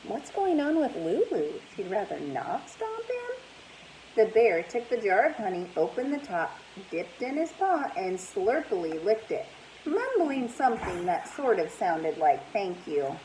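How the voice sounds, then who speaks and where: A woman, a teacher, reading a storybook aloud in an animated way and asking her listeners questions. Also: a little high, measured pace, slight background noise, poor audio.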